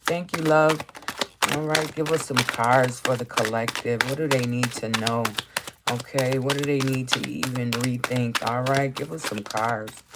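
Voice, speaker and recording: A card reader hosting a live stream, chatting casually and encouragingly, reading affirmation cards aloud slowly and tagging nearly every sentence with "okay?". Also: mid-range voice, steady tone, very noisy. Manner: reads affirmations aloud slowly, then riffs on them.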